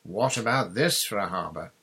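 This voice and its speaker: A man's voice: lowish voice, animated, normal speed, sharp tone, slight background noise. A man voicing a confident boy who captains a small sailing boat in a storybook reading, giving assured instructions. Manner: assured and commanding.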